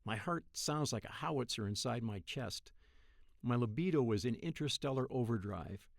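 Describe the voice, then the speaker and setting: A man in his thirties narrating a first-person dream story in a wry, profane, deadpan way. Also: medium pitch, moderate pace, creaky, no room sound, clean studio sound. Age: 30s.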